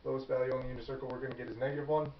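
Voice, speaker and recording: A man's voice: mid-range voice, level tone, very fast, a little hiss or hum. A man teaching math at a whiteboard, talking casually and thinking aloud as he works, correcting himself along the way. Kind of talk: whiteboard lecture. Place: classroom. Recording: echoey classroom, far from the mic, dull.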